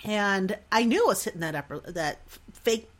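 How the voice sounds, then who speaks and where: A middle-aged woman talks through a personal story for her podcast. Her pitch swings widely as she acts out her own worries, and she laughs at herself often. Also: moderate pace. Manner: animated, self-deprecating, laughs often. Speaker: podcast host.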